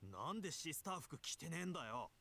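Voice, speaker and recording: An actor playing a rough young male street thug in a game voice, talking coarsely and gruffly. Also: on the high side, sing-song, very fast, pushed and bright, heavily acted. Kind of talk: game voice acting.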